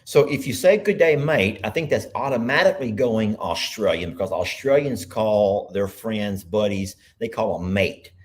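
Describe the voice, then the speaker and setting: A man's voice: fairly low pitch, lively intonation, normal speed, hardly any pauses. Rambling, chatty man hosting a livestream. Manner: rambling, chatty, thinks aloud. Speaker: livestream host. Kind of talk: casual live chat.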